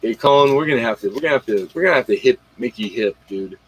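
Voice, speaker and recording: A man hosts a casual late-night livestream, rambling in slang, talking straight to his viewers and retelling comedy bits. His voice is medium-pitched and slightly rough, with lively intonation and a quick pace, and the audio sounds dull.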